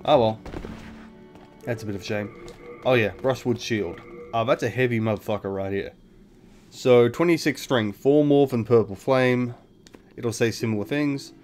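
Male gameplay host, mid-pitched, casual and profane commentary over faint game music. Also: moderate pace, long pauses, darkish tone. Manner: swears freely, thinks aloud, explains mechanics. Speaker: gaming video host.

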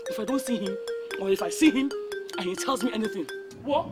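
A woman's voice: on the high side, fairly quick, close to an everyday voice. An actress with a Nigerian accent playing a defiant young woman who stammers when pressed. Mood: threatening. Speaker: young daughter. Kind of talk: Nollywood film acting. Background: loud film score music.

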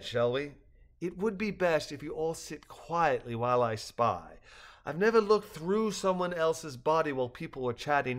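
A man's voice: fairly high pitch, a bit bright, close to an everyday voice. An older man voicing a polite, sensitive balloon creature that speaks formally and courteously in a read-aloud story.

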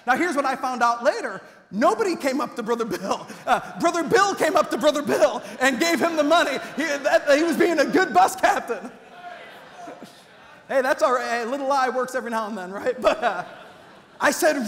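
A man in his thirties, a youth pastor, preaching a storytelling sermon and acting out the quoted voices with lively energy. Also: extremely high pitch, brisk. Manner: animated, acts out quoted voices. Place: church sanctuary. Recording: reverberant church hall.

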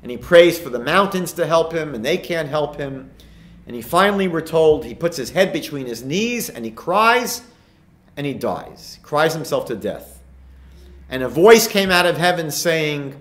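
A man's voice: on the high side, lively intonation, moderate pace, fairly bright tone. A man, a rabbi giving a lecture, retelling Talmud stories and asking emphatic rhetorical questions. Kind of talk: recorded lecture.

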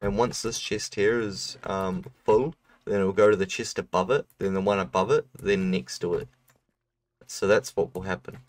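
A man's voice: deep voice, fairly even intonation, moderate pace, far from the mic. A young man streaming a game, casually explaining a build to a viewer and laughing now and then. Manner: laid-back explaining, laughs often. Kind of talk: casual gameplay commentary.

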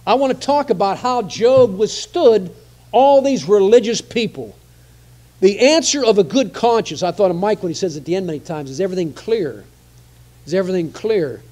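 High-voiced man preaching a sermon. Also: expressive, moderate pace, mellow. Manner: conversational preaching with repetitions.

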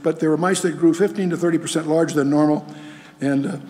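A man's voice: fairly high pitch, fairly even intonation, fast, darkish tone. A man giving a lecture-style Bible teaching with slides, emphatic and full of rhetorical questions and restarts. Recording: long hall reverb.

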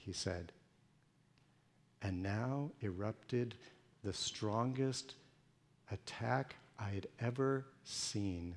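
A male pastor delivering an emotional first-person sermon monologue, moving between hushed storytelling and pleading intensity. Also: on the low side, drawn-out words, long pauses.

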